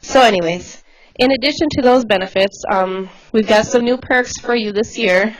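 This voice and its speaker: A woman volunteer coordinator talking casually and quickly to volunteers, chatty and laughing easily. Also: fairly high pitch, rough recording. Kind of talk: casual livestream address.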